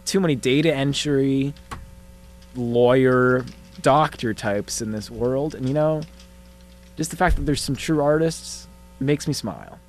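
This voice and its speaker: Young guy cohosting college radio, deadpan jokey bits, pretty average pitch. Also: unhurried. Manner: deadpan mock-serious. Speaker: co-host. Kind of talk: joking college radio banter.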